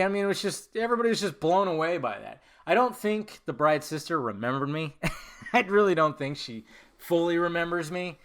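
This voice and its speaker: A middle-aged man hosting a podcast, telling a rambling, animated personal story with lots of swearing and acted-out quotes. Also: on the high side, moderate pace. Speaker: podcast host. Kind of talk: casual storytelling monologue.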